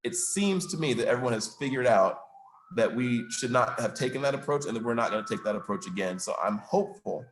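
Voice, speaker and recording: Man, city mayor, emphatic, argumentative, mid-pitched voice, roomy echo. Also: lively intonation, brisk, a little hiss or hum. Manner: emphatic, argumentative, stresses facts and figures. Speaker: mayor speaking at a chamber of commerce event. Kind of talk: public Q&A answer. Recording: roomy, echoey room.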